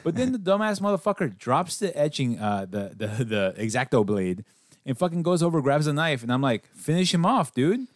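A man's voice: mid-range voice, moderate pace, dry recording, studio quality. A man casually chatting on a podcast, reviewing a film with a lot of swearing and acting out the characters' lines. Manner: profane, animated, acts out characters' lines. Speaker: podcast host.

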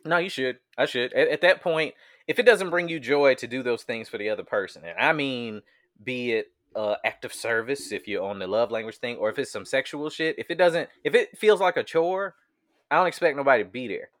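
A man co-hosting a casual podcast chat, talking in a profane, animated way and laughing often. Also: mid-range voice, a little fast.

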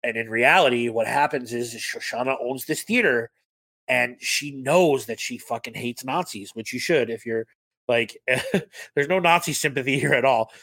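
Dude gushing about movies, swears a lot, mid voice, dead dry sound. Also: male voice, medium pitch, moderate pace, fairly bright tone, dry recording. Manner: enthusiastic, profane, quotes scenes in put-on voices. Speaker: podcast co-host. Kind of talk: casual film chat.

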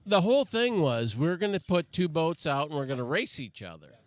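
A man guest on a podcast, telling a story among friends in a relaxed way and laughing easily. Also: a little high, a little fast. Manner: laid-back, laughing. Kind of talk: casual storytelling.

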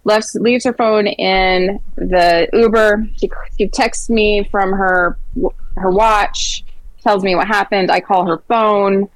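A woman guest speaking in an earnest, halting way, with frequent fillers and restarts as she tells stories in a casual interview. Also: mid-range voice, fairly even intonation, no echo, rough recording.

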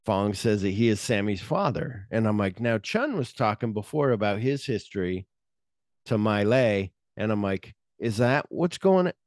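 Man, podcast co-host, casual chat, low-ish voice, profane, rambling, dry sound. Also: expressive, moderate pace, dry recording. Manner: rambling, profane, acts out scenes in quoted voices. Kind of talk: casual movie recap chat.

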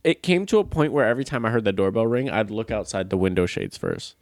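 Lively young man telling stories. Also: fairly low pitch, quick pace, no room sound, clean studio sound. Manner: animated storyteller, laughs often, swears casually. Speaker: podcast co-host. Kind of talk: casual chat.

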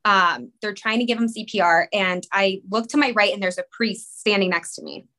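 A woman in her thirties, a guest on a talk show, telling an emotional personal story in a rushed, rambling way full of "like". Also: mid-range voice, bright, forceful tone. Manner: rushed, rambling, many "like" fillers. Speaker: podcast guest, mother.

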